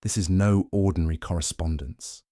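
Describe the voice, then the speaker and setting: A man voicing a fastidious little detective with a French accent, speaking softly but with precise authority in a storybook reading. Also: low voice, fairly even intonation, no room sound, clean studio sound, lightly acted. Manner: soft but commanding, precise. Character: fastidious little male Belgian detective, commanding.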